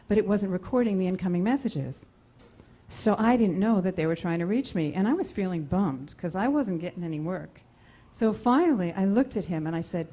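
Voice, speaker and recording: A woman from the United States tells a personal story live on stage. Her voice is mellow and warm, animated, and she breaks off and restarts as she acts out the dialogue. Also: mid-range voice, a little fast.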